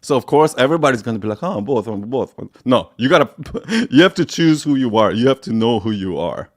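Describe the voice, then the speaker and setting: A man's voice: medium pitch, lively intonation, fast. A man hosting a live Q&A, answering viewer questions bluntly, swearing freely and often laughing between points.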